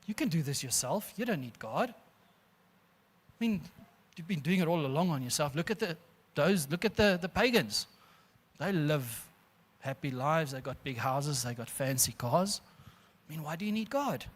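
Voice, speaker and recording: A man's voice: a little high, lively intonation, normal speed, breathy edge. Fields: sly tempting devil , put on by a man. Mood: coaxing. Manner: hushed, coaxing and insinuating. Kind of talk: sermon.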